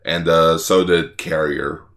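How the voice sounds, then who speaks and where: A young man co-hosting a casual podcast, relaxed and joking. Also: rumbling low, slow pace. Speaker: podcast co-host. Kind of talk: casual chat.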